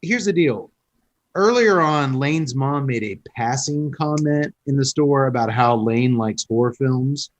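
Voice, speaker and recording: A man with a medium-pitched voice and a measured pace hosts a casual podcast. He recaps a film as an animated storyteller, cracking jokes and swearing along the way.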